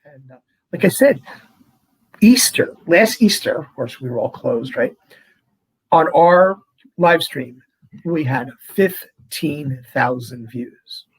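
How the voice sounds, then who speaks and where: A man who is a priest, talking in a casual interview and telling stories in a chatty, animated way. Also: a little high, slow pace, long pauses, breathy edge, poor audio. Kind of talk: conversational interview.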